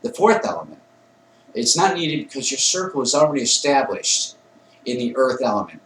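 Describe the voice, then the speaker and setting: A man's voice: mid-range voice, fairly bright tone, a little hiss or hum. Man explaining a ritual in an echoey room. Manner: plain conversational explaining with self-corrections. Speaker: Wicca priest demonstrating a ritual. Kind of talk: instructional ritual demonstration. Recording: echoey room, mic at a distance.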